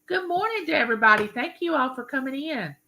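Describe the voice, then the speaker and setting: A woman's voice: sits high, lively intonation, fast talker, pushed and bright, a little hiss or hum, low-quality recording. An older woman from Mississippi, hosting a rambling live stream and greeting viewers by name.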